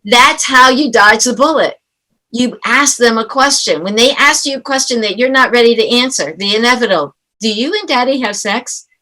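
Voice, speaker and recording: Bright-voiced woman parenting coach. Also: a little high, moderate pace, poor audio. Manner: animated storyteller who acts out quoted dialogue. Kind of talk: conversational interview.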